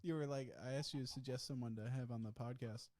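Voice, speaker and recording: A man's voice: medium pitch, steady tone, quick pace, darkish tone, no echo, clean studio sound. A man hosting a podcast in casual chat, laughing often and swearing freely. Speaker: podcast host.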